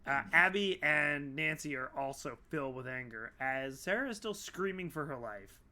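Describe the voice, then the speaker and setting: A man narrating a tabletop game as game master, in animated, drawn-out storytelling. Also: fairly high pitch.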